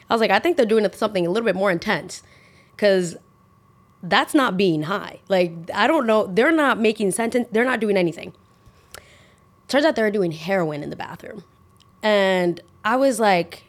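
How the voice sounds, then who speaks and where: A young woman in her twenties tells a story on her podcast in a loose, chatty way, full of "like" and restarts. She acts out each line of dialogue, and her voice sits at an ordinary middle pitch. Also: a little fast. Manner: animated, acts out quoted dialogue, heavy use of "like". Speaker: podcast host. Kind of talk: casual storytime.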